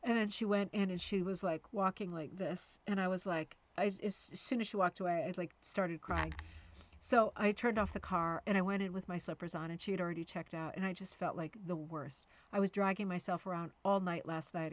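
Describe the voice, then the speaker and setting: A woman's voice: lowish voice, steady tone, a little fast, dry recording. A middle-aged woman hosting a casual live-stream chat about rug hooking, chatty and self-deprecating, with frequent fillers and restarts.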